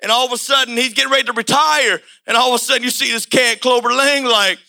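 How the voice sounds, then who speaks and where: A male preacher delivering a sermon in loose, everyday speech, circling back over his phrases and often building to a shout. His voice is high and sharply bright. A gravelly edge runs through it. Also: fairly even intonation, quick pace. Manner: impassioned, colloquial, repetitive, often shouting.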